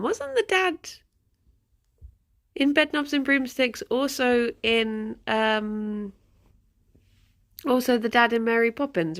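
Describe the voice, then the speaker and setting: Giggly woman with a gravelly edge. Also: a little high. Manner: chatty, rambling, giggles often. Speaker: livestreamer. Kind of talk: casual chat with stream viewers.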